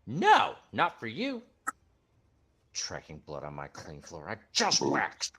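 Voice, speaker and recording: A man's voice: fairly low pitch, huge pitch swings, slow, gravelly, bright, forceful tone, husky, voice pushed up, exaggerated voice. A man voicing a fussy little male gnome medic who scolds people for dirtying his clean floor. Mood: scolding. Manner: prim, scolding.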